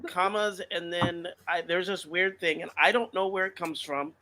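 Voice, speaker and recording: A man's voice: high voice, fairly even intonation, moderate pace, pushed and bright, slight background noise. A man guesting as the author in a casual chat, self-deprecating and laughing at his own habits.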